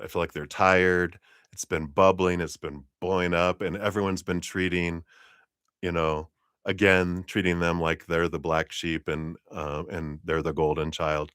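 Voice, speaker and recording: Tarot streamer, man, deep unhurried delivery, rambling with lots of ums and chuckles. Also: flat delivery, fairly bright tone, clear, resonant tone, no echo, studio quality. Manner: rambling, hesitant storytelling with many fillers and laughs. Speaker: tarot reader. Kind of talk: live-streamed tarot reading.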